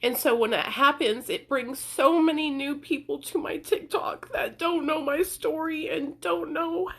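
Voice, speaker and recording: Tearful high-voiced young woman. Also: steady tone, moderate pace, gravelly. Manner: tearful, earnest, pleading. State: crying. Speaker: content creator sharing recovery story. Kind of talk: emotional personal vlog.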